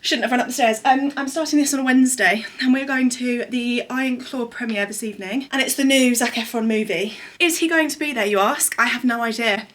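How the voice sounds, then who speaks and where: A young woman chatting excitedly to camera as a vlogger, a little out of breath. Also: a little high, fairly quick, few pauses. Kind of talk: casual vlog chat.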